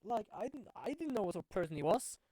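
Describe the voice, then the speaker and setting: A man's voice: high voice, very animated, fast talker, warm tone, no room sound. Man voicing a chatty, eager young sidekick girl. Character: bubbly young woman sidekick, curious and chatty.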